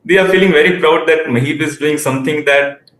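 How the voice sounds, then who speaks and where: A young man in his late teens gives interview answers. His phrasing is halting and he often restarts his sentences. His voice sits a little high and rings in an echoey room. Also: fairly bright tone, a little hiss or hum. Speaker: guest researcher.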